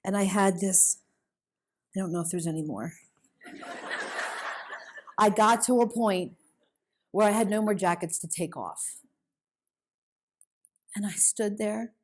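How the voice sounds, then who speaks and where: A middle-aged woman speaking at a women's conference, telling her personal faith story in an earnest, emotional way. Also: medium pitch. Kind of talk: personal testimony. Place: conference hall.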